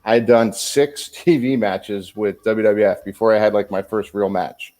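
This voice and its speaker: A man around fifty, a former pro wrestler and podcast guest, telling stories in a casual, animated way and swearing freely. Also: on the low side, moderate pace. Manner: animated storyteller, swears freely, acts out dialogue. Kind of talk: casual storytelling interview.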